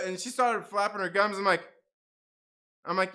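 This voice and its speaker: A man's voice: high voice, fast talker. A man hosting a livestream, telling a rambling story in a casual, repetitive way and acting out the people in it. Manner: animated, repetitive, acts out voices in his story; casual, with mild swearing. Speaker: channel host.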